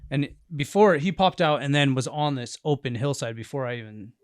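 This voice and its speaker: A man's voice: mid-range voice, animated, brisk, no room sound. Guy rambling thru a bear hunt story on a podcast, dry close sound, laughs a lot. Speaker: podcast co-host and bear hunter. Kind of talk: casual storytelling chat. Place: indoors in a cabin.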